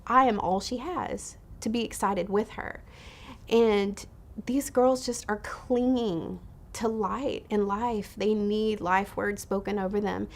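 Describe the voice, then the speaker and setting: A woman's voice: mid-range voice, steady tone, slow pace. A woman leading a pregnancy support ministry, telling heartfelt stories in an earnest, personal way. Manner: earnest, heartfelt retelling with quoted voices. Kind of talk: personal storytelling talk.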